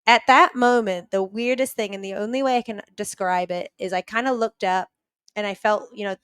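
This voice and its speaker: Podcast guest, female; clear resonant voice, dry close sound, conversational storyteller. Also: medium pitch, fairly quick, fairly bright tone, no echo. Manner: vivid retelling, frequent "like" fillers.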